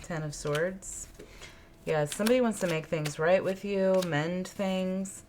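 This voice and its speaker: A woman's voice: lowish voice, a little slow, darkish tone, slight background noise. A woman doing an intuitive tarot reading, musing aloud, repeating her phrases and asking spirit questions as she pulls cards. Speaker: tarot reader. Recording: card shuffling clicks in background.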